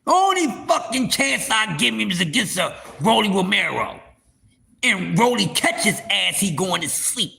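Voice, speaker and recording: A man's voice: high voice, very animated, measured pace, gravelly, pushed and bright. A man hosting a live stream, ranting heatedly about boxing to his viewers, profane and repeating words for emphasis. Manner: speaks straight to the viewers as y'all. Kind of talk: casual boxing rant to a live audience.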